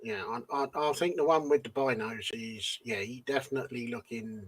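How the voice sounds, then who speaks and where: A man co-hosting a casual model-building chat, chatty and quick to agree and laugh. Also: mid-range voice, breathy edge. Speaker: co-host.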